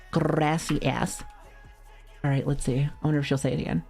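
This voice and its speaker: A woman's voice: low voice, steady tone, brisk, vocal fry, mellow, slightly rough, faint music behind. A woman streamer chatting casually with her viewers, playful and giggly, often laughing and swearing lightly. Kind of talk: casual live-stream chat.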